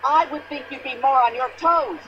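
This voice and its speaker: An actress playing a pushy, indignant older American widow in a mystery video game, complaining at length in a shrill voice. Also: female voice, moderate pace, muffled recording, a little hiss or hum, natural voice. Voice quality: shrill, complaining, long-winded.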